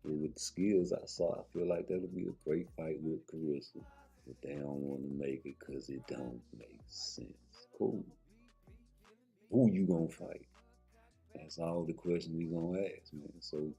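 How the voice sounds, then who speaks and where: Deep dark-voiced guy, swearing and ranting hard, faint music behind. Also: husky. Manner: profane, heated, rambling and emphatic. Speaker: boxing commentary vlogger. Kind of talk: casual opinion rant.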